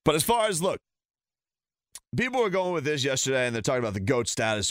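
A man's voice: mid-range voice, animated, fairly quick, no room sound, clean studio sound. A man ranting heatedly and sarcastically as a sports talk host.

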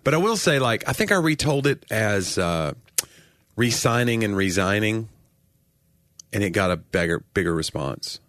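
A man's voice: lowish voice, animated, a little fast, few pauses, fairly bright tone, dry recording, clean studio sound. A man, a comedian, chatting casually and joking on a podcast, laughing often. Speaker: comedian co-host.

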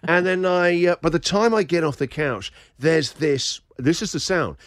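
A man's voice: a little high, moderate pace, no room sound, studio quality. A middle-aged man hosting a radio show, telling a story with lots of energy and frequent laughter. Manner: lively, laughs often while telling the story.

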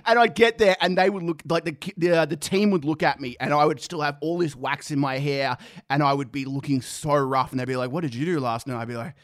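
A young Australian man with a high voice, talking in rowdy podcast banter. He laughs constantly and swears freely. The sound is dry and close. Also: steady tone, a little fast, no echo. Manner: laughing, swearing, acting out quotes. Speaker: podcast co-host. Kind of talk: casual chat.

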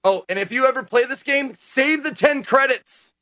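A man chatting casually as a gaming podcast co-host, animated and profane, acting out quotes as he tells stories. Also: extremely high pitch, normal speed, dry recording. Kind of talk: casual chat.

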